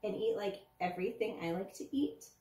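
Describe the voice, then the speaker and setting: A woman voicing a curious, shy young boy patient in a read-aloud storybook, with an excited, high child voice. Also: moderate pace, close to an everyday voice. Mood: eager. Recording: roomy, from a distance.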